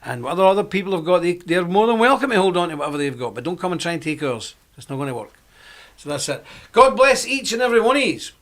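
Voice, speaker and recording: Chatty man, fairly high voice. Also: sing-song, quick pace, a bit bright. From Britain. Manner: rambling, chatty, frequent laughs. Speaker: host. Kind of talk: live-stream monologue.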